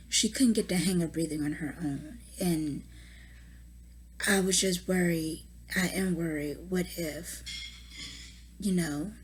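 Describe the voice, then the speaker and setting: A young woman, a mother recording a personal video diary at home, exhausted and distraught, speaking haltingly and often dropping to a whisper. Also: fairly low pitch, breathy edge. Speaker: mother giving a family update.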